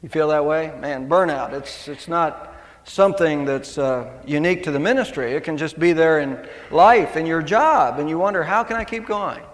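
A man's voice: fairly high pitch, moderate pace, big-room sound. A middle-aged male pastor preaching a sermon in a conversational way, with asides and restarts.

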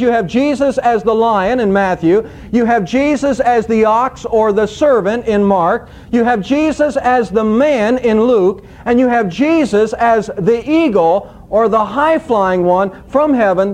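A male pastor preaching a sermon, teaching scripture with an expressive, emphatic storytelling manner. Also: sits high, unhurried, few pauses.

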